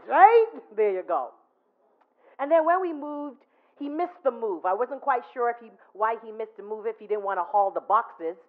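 A woman giving a chatty, anecdotal tribute at a memorial, telling stories and checking in with her listeners. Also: mid-range voice. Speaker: eulogy speaker at a memorial. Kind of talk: storytelling tribute. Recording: tinny phone-like recording.

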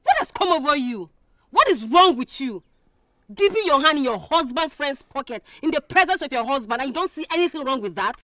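A woman's voice: high voice, sing-song, a little fast, pushed and bright, dry recording, heavily acted. An actress with a Nigerian accent playing a friend who scolds and reasons with another woman. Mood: scolding. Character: level-headed woman scolding her friend. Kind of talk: Nollywood film acting.

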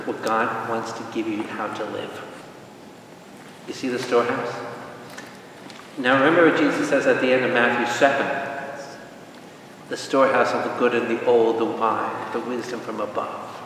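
A man, a priest, leading an informal Bible study, lively and joking, asking the group questions. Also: mid-range voice, moderate pace, pauses often, background noise. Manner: jokey, lively teaching with asides and questions to the group. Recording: echoey hall, voice from far off.

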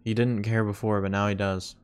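A man's voice: lowish voice, level tone, a little fast, noisy background. Playful man reacting to a movie. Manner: joking, playful. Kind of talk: casual reaction chat.

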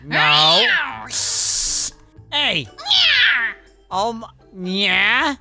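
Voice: mid-range voice, wildly swooping pitch, very slow, gravelly, over music, full character voice. A performer voicing an exasperated male animatronic fox scolding his cat-form fiancee in a fan game role-play, exclaiming and pleading.

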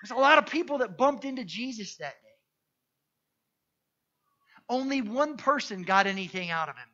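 Bright-voiced pastor, lively and chatty. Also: male voice, very high voice, normal speed, dull audio. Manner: lively, conversational, jokey storytelling with many restarts. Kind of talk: sermon. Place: church.

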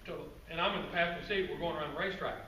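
A man giving a guest-speaker presentation to a club audience, telling stories in a relaxed, conversational way with asides to the crowd. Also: a little high, racing. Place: meeting room with an audience. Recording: roomy, distant, faint background noise.

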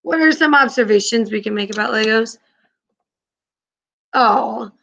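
A woman's voice: a little high, measured pace, gravelly, a bit bright. A woman teacher leading an online class, upbeat and encouraging with her students.

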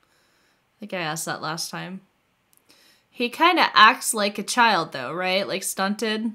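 A woman playing a character in a tabletop role-playing game, chatty and quick to laugh. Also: mid-range voice, expressive, pushed and bright. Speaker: player.

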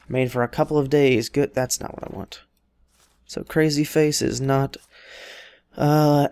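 A man's voice: mid-range voice, expressive, unhurried, vocal fry, dry recording. A man casually commenting on his own gameplay, rambling and joking as he talks to the characters on screen. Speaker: let's play host.

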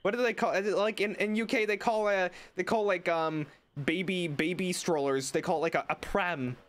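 A young man streaming a game, chatting excitedly and joking with his chat. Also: high-pitched, normal speed. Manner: excitable, jokey, talks to chat. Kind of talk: casual gameplay commentary.

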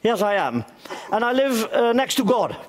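A man doing an impression of a dead old stage comedian, stammering and chuckling through a halting comic routine on stage. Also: sits high, sing-song. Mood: bumbling. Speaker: introducer doing a comedy act. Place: theater stage before an audience.

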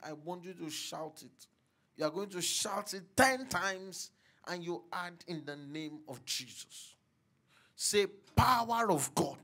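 Male pastor, high bright voice, slow deliberate delivery, shouted prayer calls over a faint congregation. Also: a little hiss or hum. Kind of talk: sermon prayer session. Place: church hall.

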